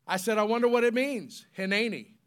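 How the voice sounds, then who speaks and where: High-voiced man preaching with emphatic rises. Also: clean tone. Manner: spells words out slowly, leads congregation call-and-response; rises to loud emphatic peaks, drops to soft solemn tones. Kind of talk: sermon.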